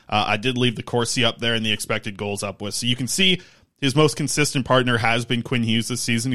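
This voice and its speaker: A man's voice: mid-range voice, bright, forceful tone. A man co-hosting a casual sports podcast, working through stats and contract numbers. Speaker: podcast co-host.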